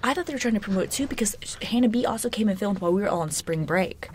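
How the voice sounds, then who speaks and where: A woman's voice: medium pitch, expressive, quick pace, a little hiss or hum. A young woman from Alabama with a Southern accent, co-hosting a casual chat and rambling with many fillers. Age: young adult. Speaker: podcast co-host.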